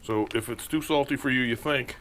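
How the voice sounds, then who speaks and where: A man's voice: mid-range voice, fairly quick, fairly bright tone. Hammy man cooking, noisy clip. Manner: jokey, hammy, rambling. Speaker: home cooking video host. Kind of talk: casual cooking demonstration.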